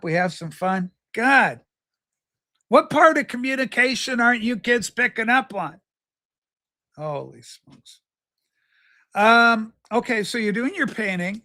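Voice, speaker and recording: A man with a high, bright voice hosts a casual livestream from home. He rambles and jokes, answering chatters by name. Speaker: livestream host. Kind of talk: casual livestream chat reading viewer comments.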